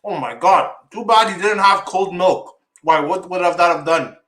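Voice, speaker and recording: Guy hosting a stream, high bright voice, teary, swearing a lot, echoey room. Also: normal speed. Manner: exclaiming, swearing, groaning. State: teary from spicy food. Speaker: host. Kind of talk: livestream show chat.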